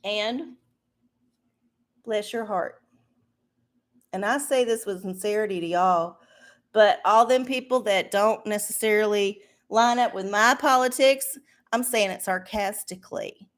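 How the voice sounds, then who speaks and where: A woman's voice: mid-range voice, moderate pace. A woman hosting a casual livestream, ranting and swearing with a sarcastic edge. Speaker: livestream host.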